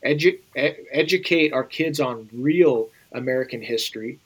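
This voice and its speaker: A man's voice: mid-range voice, normal speed, slightly rough, poor audio. Emphatic man urging viewers on. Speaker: guest, former Navy SEAL. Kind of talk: conversational interview.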